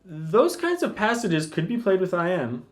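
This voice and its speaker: A man teaching classical guitar in a relaxed, casual way, thinking aloud with lots of fillers and restarts. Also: sits high, moderate pace. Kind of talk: casual instructional talk.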